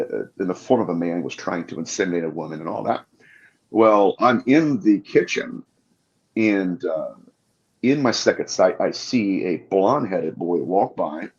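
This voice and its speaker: A man guest on a podcast interview, telling his experiences with passion. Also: low voice. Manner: passionate storytelling. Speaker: guest demonologist. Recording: dull lo-fi audio.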